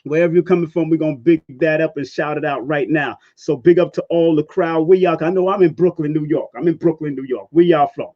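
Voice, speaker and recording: Hyped-up high-voiced man hosting a livestream. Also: steady tone, fairly quick, hardly any pauses, dull audio. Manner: hype, playful shout-outs with sound effects. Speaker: livestream host. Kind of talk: casual live-stream chat. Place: Brooklyn, New York.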